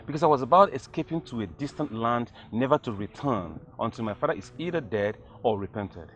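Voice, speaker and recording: A man with a Nigerian accent playing a young prince who speaks calmly and reassuringly. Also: mid-range voice, fairly quick, soft background music, lightly acted. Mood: determined. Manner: calm, reassuring. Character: young prince, determined and protective. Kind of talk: film acting.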